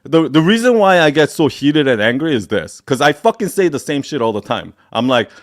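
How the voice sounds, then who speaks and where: A man's voice: fairly high pitch, very animated, a little fast, no room sound, studio quality. A man hosting a live Q&A, lecturing bluntly and heatedly with lots of swearing and many restarts. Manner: blunt, profane, heated tough-love lecturing; rambling with many restarts and fillers. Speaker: host of a live Q&A. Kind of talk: live stream Q&A talk.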